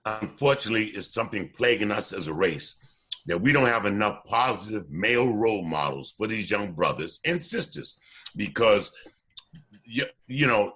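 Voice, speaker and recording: A low-pitched man tells stories in a radio interview, his voice bright and forward with a husky edge. He is animated and often stumbles over repeated words before getting going. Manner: animated storyteller, repeats words when starting sentences. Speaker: documentary co-producer and former youth coach.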